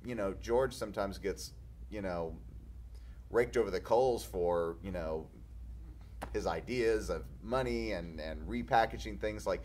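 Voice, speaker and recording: A man's voice: deep voice, a little slow, a little mellow, slight background noise. A man, a film director, chatting casually and rambling through anecdotes with many restarts and stammers. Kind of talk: casual chat.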